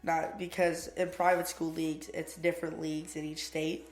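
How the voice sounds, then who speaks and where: Young man, hoarse and gravelly, relaxed podcast co-host, echoey room. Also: a little high, normal speed, faint music behind. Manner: laid-back, laughs easily. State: hoarse, voice nearly gone. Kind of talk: casual chat.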